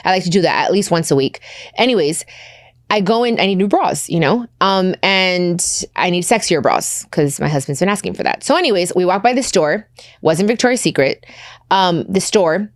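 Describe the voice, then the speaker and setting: A woman in her thirties hosting a podcast, telling stories in casual chat with lively quoted asides. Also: mid-range voice, no echo, studio quality. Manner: chatty storytelling with animated quoted asides. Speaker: podcast host.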